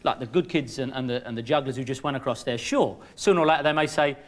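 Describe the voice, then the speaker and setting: A man hosting a comic chat show, excitable, stammering and laughing loudly. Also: mid-range voice, fast.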